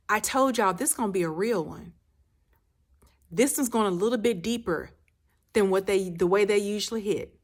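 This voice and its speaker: A woman life coach giving a motivational speech, repeating her phrases for emphasis and often dropping to a soft, low near-whisper. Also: moderate pace, long pauses.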